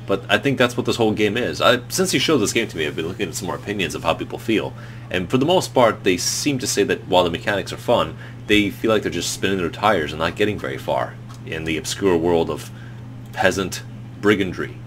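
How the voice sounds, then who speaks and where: A man co-hosting a gameplay chat, playful and animated, reading story text aloud. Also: deep voice, brisk, slight background noise. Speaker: co-host.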